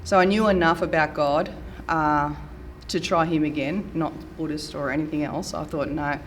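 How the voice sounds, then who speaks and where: A woman's voice: sits low, a little hiss or hum. A middle-aged woman from Australia tells her faith story in an earnest, enthusiastic way. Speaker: church member giving testimony. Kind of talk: storytelling testimony.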